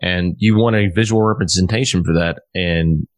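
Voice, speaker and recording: A man with a lowish voice hosts a loose podcast conversation. He rambles, swears freely and restarts his sentences often. The sound is dry, with no room echo. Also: moderate pace. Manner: rambling and profane, with many restarts. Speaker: podcast host, musician. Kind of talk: casual chat.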